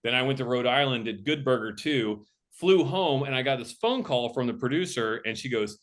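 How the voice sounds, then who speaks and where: A man in the guest seat of a casual interview, telling behind-the-scenes stories as a film director. He talks in an animated way, jumping into other people's voices when he quotes them. His pitch sits in an ordinary middle range for a man. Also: moderate pace.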